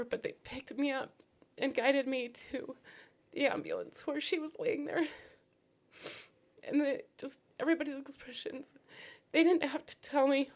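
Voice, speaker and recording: Grieving woman guest, emotional testimony; higher voice, halting broken phrasing, near tears. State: grief-stricken, near tears. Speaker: podcast guest, bereaved mother.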